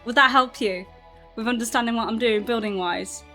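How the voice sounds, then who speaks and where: A slightly high, pushed and bright voice comes from a woman speaking fairly quickly over soft background music. She's a streamer from southern England with a mixed British accent, playing a game, chatting casually to her live chat, and laughing often.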